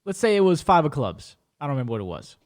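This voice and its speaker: A man's voice: fairly high pitch, rapid-fire. A man hosting a podcast, telling a story in a casual way and acting out the other people in it. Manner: animated, acts out other people's voices. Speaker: podcast host.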